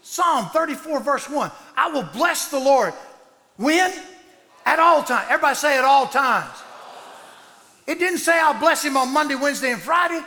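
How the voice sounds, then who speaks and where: Preacher guy in his 60s, high voice, gets loud n excited then goes quiet, echoey church hall. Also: moderate pace. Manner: preaches in loud excited bursts, then drops low and soft. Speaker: pastor. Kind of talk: sermon. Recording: long hall reverb.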